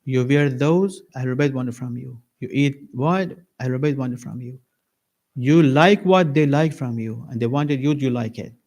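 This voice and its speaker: Man preaching an animated sermon. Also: a little slow. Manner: animated, acts out little dialogues with varied pitch. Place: mosque lecture hall.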